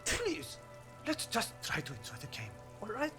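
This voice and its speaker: A jolly old peacemaker. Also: male voice, very high-pitched, huge pitch swings, moderate pace, sharp tone, soft background music, full character voice. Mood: placating. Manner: soothing, good-humoured. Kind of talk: video game voice acting.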